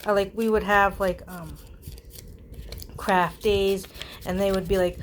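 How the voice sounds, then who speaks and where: A woman chatting casually while she works on a craft project, self-mocking and animated in her asides. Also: medium pitch, a little slow, pauses often, a little hiss or hum. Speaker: crafter hosting a craft video.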